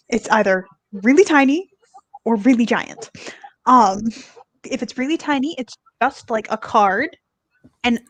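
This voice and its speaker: A woman's voice: fairly high pitch, dry recording. A woman chatting casually on a livestream, amused and chatty, with offhand swearing. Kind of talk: casual chat.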